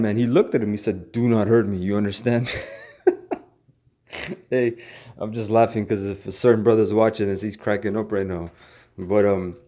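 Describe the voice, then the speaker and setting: A man's voice: on the low side, warm tone. A man casually teaching scripture verse by verse, slangy and loose, dropping "man" into nearly every sentence. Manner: slangy, repeats "man" often, frequent restarts. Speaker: bible teacher.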